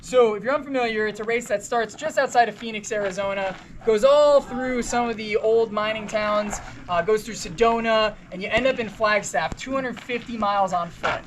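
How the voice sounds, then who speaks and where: Woman, young adult, motivational storytelling, animated, acted-out dialogue, noisy outdoor ambience. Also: fairly high pitch, normal speed, few pauses. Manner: animated, acts out dialogue, casual slang. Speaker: motivational speaker at a race briefing.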